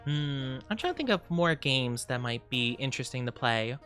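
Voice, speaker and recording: Animated, bright-voiced streamer chatting. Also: mid-range voice, normal speed, faint music behind. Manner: rambling, thinking aloud with many fillers. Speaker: live streamer. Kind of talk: casual chat with stream viewers.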